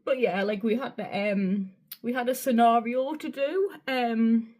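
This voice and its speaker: A woman's voice: fairly high pitch, a little slow, darkish tone. A woman with a North East English accent chatting loosely through a makeup tutorial at her home vanity, rambling and swearing casually. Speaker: beauty vlogger.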